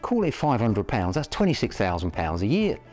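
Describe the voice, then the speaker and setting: Blunt Yorkshireman with a deep, lively voice. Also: normal speed, soft background music. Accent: Northern English. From Yorkshire, England. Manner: blunt, animated storytelling with rhetorical questions. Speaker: property education presenter. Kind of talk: motivational talk to camera.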